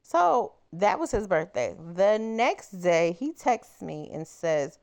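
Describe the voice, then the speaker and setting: A woman crochet vlogger chatting casually as she tells a personal story, animated and exclaiming. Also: mid-range voice, measured pace, few pauses.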